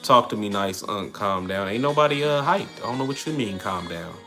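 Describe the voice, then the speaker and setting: A man's voice: on the low side, expressive, a little fast, pushed and bright, soft background music. A man in his thirties hosting a casual livestream, rambling through viewer comments and often asking "you get me?". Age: 30s. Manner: rambling, keeps tagging lines with "you get me?". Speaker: livestream host.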